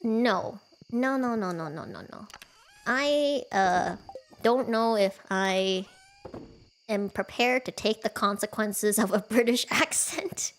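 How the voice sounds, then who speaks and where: A woman's voice: medium pitch, takes it slowly, slight background noise. A woman streaming a cozy farming game from home, chatting casually with her viewers, giggling often and poking fun at herself. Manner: chatty, giggly, self-deprecating.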